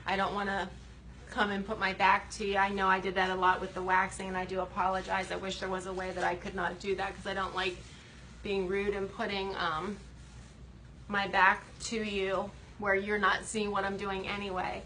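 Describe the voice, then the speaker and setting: Her medium-pitched voice is monotone and sharp, at normal speed, and she's winded from buffing. She chats through a casual, step-by-step furniture refinishing demo while working in a workshop. The recording is rough, with slight background noise.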